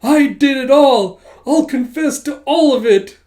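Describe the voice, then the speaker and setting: A man's voice: very high voice, measured pace, a little mellow, voice pushed up. A man voicing a male doctor who overacts tearful, loyal praise in a melodramatic, declaiming way.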